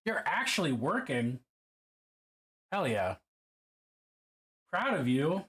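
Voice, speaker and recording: A man's voice: medium pitch, big pitch swings, takes it slowly, long pauses, a bit bright. A man chatting casually on a livestream while painting miniatures, swearing freely and reacting to viewer comments.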